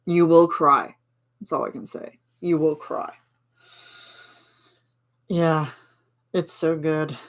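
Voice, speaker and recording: Canadian woman just chatting w her stream, giggly, kinda low voice. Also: slow, long pauses. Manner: chatty and giggly, reads chat replies aloud. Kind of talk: casual chat.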